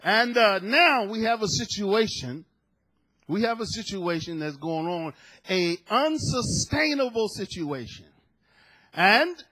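A middle-aged male pastor preaching a sermon through a story, swinging from hushed telling to loud shouted points and acting out the people in it. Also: high voice. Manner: acts out the people in his story with voices.

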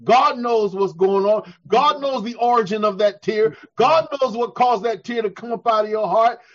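High-voiced preacher, shouting then hushed. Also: male voice, normal speed, muffled recording. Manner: preaching with call-and-response, swelling to shouts then dropping soft. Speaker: pastor. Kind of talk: sermon.

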